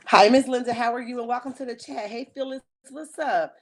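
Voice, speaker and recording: A woman hosting a reality TV recap livestream, chatting casually with viewers in a lively, slangy, opinionated way. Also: a little high, a little fast, slight background noise. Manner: lively and chatty, greets chat viewers by name.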